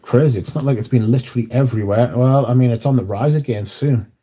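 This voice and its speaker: A man's voice: medium pitch, fast talker, dark tone, breathy edge. Chatty man reading live chat. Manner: chatty, swears freely, reads out viewer comments. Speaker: livestream host reading chat. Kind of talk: casual chat.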